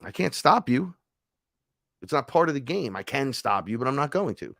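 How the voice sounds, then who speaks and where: A man voicing his tall male higher self, a blunt spirit who lectures and swears. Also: sing-song, normal speed, vocal fry, fairly bright tone, no room sound, studio quality. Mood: lecturing.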